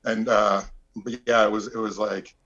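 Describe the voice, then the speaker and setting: A man's voice: on the low side, normal speed. Man telling stories in a dull lo-fi recording. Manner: relaxed anecdotal, acts out quotes. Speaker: actor, interview guest. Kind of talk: casual interview storytelling.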